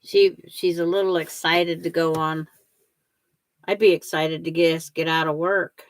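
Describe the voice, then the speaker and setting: A woman's voice: low-pitched, fairly even intonation, a little slow, no room sound. An older woman hosting a quilting livestream, chatting with viewers and talking herself through each step as she sews. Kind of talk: casual chat while sewing.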